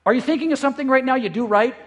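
A man with a notably high voice, preaching like a pastor in easy, conversational talk. He gets caught up in his points and stumbles over repeated words as his enthusiasm runs ahead. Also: racing. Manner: lively, repeats words when excited. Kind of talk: conversational sermon. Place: church in eastern South Dakota.

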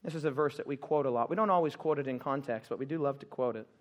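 A man preaching a sermon in a church, animated and humorous, calling out questions for the congregation to answer. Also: mid-range voice, fast, highs cut off. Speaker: pastor.

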